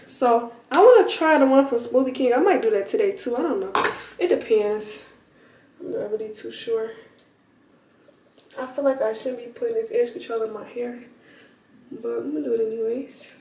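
A woman's voice: fairly high pitch, mellow. A teenage girl vlogging casually at home, rambling to viewers and calling them y'all. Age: teens. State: out of breath at times. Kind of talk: casual vlog talk to camera. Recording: roomy, somewhat distant phone audio.

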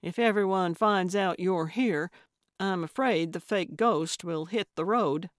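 A woman's voice: fairly low pitch, a little slow, no echo, clean studio sound, lightly acted. A woman voicing a bossy older female amateur sleuth who talks bluntly and pushily. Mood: scheming. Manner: brash, blunt and pushy.

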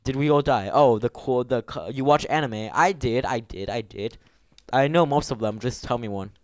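A teenage boy streaming a game live, excitable and bantering with his chat and friends, gasping at every surprise. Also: mid-range voice, moderate pace, dry recording.

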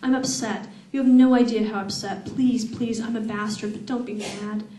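Woman voicing a sad pleading young man, slightly raised pitch, echoey room, distant mic. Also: steady tone, moderate pace, mellow, lightly acted. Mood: upset. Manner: pleading, subdued.

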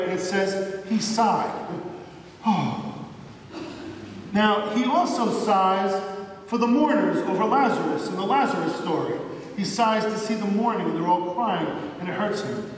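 A man preaching a sermon as pastor, earnest, slowing down to stress key points. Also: high voice, slight background noise. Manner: earnest, slows down for emphasis. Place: church sanctuary. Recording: echoey church hall from far off.

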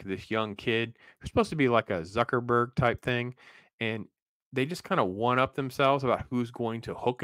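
A man with a somewhat low voice reviews a film in a loose, rambling way, full of fillers and restarts. He sounds openly exasperated and keeps circling back to how bad it was. The sound is dry and close, with no room around it. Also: a bit bright, dry recording. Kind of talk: casual movie review.

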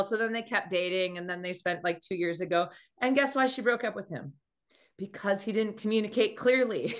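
A woman giving a motivational talk on dating as a coach, telling stories lively and acting out quoted speech in changing voices. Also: medium pitch, fairly quick. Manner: animated storytelling, acts out quoted speech.

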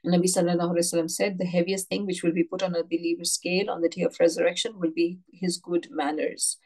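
Low, gravelly woman teaching scripture. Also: flat delivery, fast talker, darkish tone, poor audio. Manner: reads a verse, then explains it in plain words and asks students to underline; conversational, with frequent "you know" and "yeah". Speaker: Quran teacher. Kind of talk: religious lesson, explaining verses.

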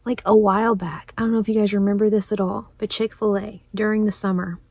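Woman, excited unboxing chat, husky, mellow tone, dry close sound. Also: mid-range voice, fast talker, dry recording. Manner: excited, gushing, laughs often. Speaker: crafting vlogger.

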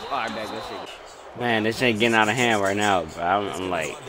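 A young man giving loud, excited commentary while playing a football video game, swearing and bursting into shouts. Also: fairly low pitch, normal speed. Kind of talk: excited live gameplay commentary. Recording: loud game crowd noise behind. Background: game stadium crowd.

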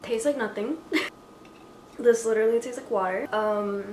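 A woman's voice: fairly high pitch, moderate pace. A young woman casually chatting through a product review, filler-heavy and giggly. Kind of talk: casual chat. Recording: echoey room with faint noise.

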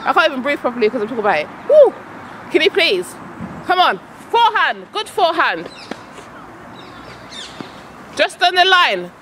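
A woman's voice: high voice, sing-song, moderate pace, long pauses, a bit bright, slight background noise. Mum coaching tennis for her vlog, bouncy up-and-down voice, chatty, keeps calling shots. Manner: calls out shots, chatty and coaxing. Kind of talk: casual vlog while coaching. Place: outdoor tennis court.

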